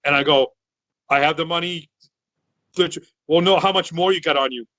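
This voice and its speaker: A loud, excitable man in his thirties, from Massachusetts, rambles through a story with many restarts. His voice is bright and forceful and sits a little high. The sound is dry and slightly dull, like a lo-fi online call. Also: moderate pace, dry recording. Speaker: podcast co-host. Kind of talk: casual storytelling chat.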